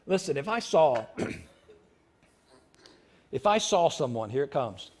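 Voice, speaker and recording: A man preaching a sermon in church, repeating lines for emphasis and breaking into loud shouts. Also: fairly high pitch, very animated, slow. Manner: preaching with sudden shouted outbursts; repetitive, emphatic delivery. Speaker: pastor. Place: church sanctuary.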